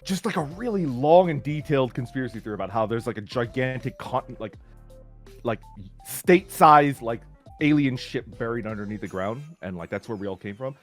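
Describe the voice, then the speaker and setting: A middle-aged man spins long, wandering anecdotes, stopping and restarting his sentences as he goes. His voice sits at an ordinary middle pitch. Soft background music runs faintly under his talk. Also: a little fast. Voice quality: rambling, full of "like" and restarts. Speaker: streamer. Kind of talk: casual storytelling.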